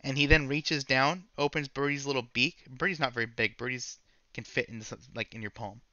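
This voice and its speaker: A man with a bright, forceful voice runs a tabletop game, rambling through scene descriptions and often correcting himself mid-sentence. The sound is dry and close, though a little dull, as from a modest microphone. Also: medium pitch, fairly even intonation, a little fast, no room sound. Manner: rambling, self-correcting narration. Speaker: game master.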